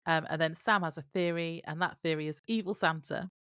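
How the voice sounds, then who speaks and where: Woman reading her episode notes on a podcast, lowish voice, dry close sound. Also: fairly even intonation, a little fast, a bit bright, smooth, no echo. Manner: reads from her notes, laughs often. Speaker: podcast co-host. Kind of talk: casual chat recapping a TV episode.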